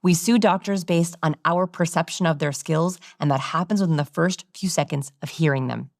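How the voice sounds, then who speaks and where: A woman with a low voice for her sex explains communication research in an interview, lively and quick to demonstrate. The recording is close and dry. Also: creaky, no room sound. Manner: animated, demonstrating vocal examples.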